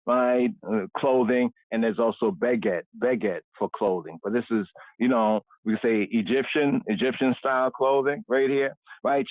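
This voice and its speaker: A man's voice: mid-range voice, no room sound. Man teaching scripture over a tinny line. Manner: explains Hebrew words slowly, with constant "right?" checks. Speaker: Bible teacher. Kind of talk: livestreamed scripture study. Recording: dry, phone-like narrow sound.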